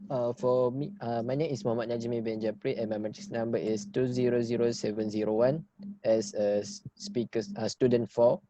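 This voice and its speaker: A man's voice: mid-range voice, fairly even intonation, brisk, mellow, poor audio. Young man. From Malaysia. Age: young adult. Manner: reads from notes, hesitant with fillers and restarts. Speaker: university student presenter. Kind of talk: class presentation.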